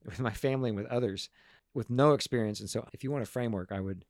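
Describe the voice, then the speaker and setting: A man speaking as a guest to a group, telling stories in an earnest, animated way and often restarting his words. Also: mid-range voice, fast talker, creaky, dry recording, studio quality. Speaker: guest speaker on parenting and emotions. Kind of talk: casual storytelling talk to a group.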